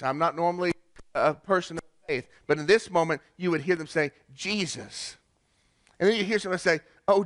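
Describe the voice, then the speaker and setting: A man preaching a Christmas sermon, earnest, with pauses and restarts. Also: sits high, a bit bright, no room sound. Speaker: pastor.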